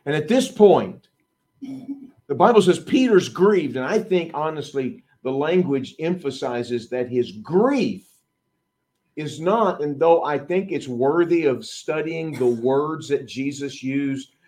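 A middle-aged man preaching a sermon, acting out the disciples' voices and swinging between loud emphasis and hushed asides. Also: a little high, animated, slow.

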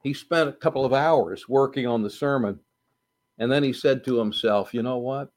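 A man preaching a sermon, slow and deliberate, building to emphatic repetitions. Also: medium pitch. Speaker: pastor.

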